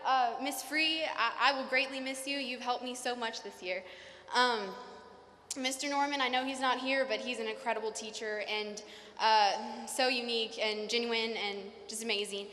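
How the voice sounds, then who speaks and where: Young woman, nervous graduation speaker, high and bright, long hall echo. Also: steady tone, a little hiss or hum. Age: young adult. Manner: nervous, fast, many fillers. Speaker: salutatorian giving a graduation speech. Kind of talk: graduation speech. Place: large hall. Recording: reverberant hall.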